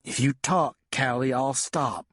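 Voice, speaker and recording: A man voicing an abusive, short-tempered father who coaxes and threatens in a lower, quieter voice. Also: measured pace, no echo, clean studio sound. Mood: menacing. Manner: coaxing then harsh and menacing.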